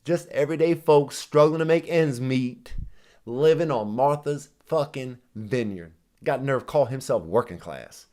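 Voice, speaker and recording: A man rants sarcastically through a reaction video, swearing at every turn. His voice sits a bit high and leaps all over the place as he mocks people by mimicking them. The energy stays heated and scornful throughout. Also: darkish tone. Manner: mimics others in exaggerated voices. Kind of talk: profane ranting commentary.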